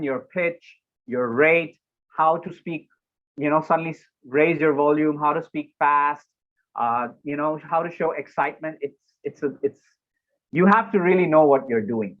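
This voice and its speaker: A man, a public speaking coach, talking casually in an interview and acting out moments with sudden loud exclamations. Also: a little high, measured pace, narrow, tinny audio.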